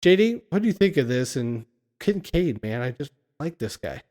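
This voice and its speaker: A man's voice: mid-range voice, very animated, moderate pace, a little mellow. A man casually recapping a film scene by scene on a podcast, laughing often as he retells it. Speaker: podcast co-host.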